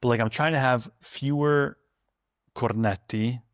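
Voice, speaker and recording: A man's voice: mid-range voice, a little slow, clear, resonant tone, dry recording. Man, food historian guest, chatty storyteller, dry close mic. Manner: chatty storyteller, animated and laughing. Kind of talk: casual conversation.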